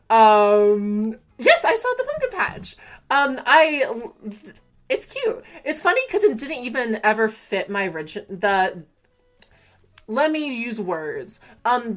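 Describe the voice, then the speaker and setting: A woman's voice: medium pitch, a bit bright. A young woman from California with a Valley Girl accent, chatting casually on a live gameplay stream, rambling with lots of fillers, giggles and self-corrections.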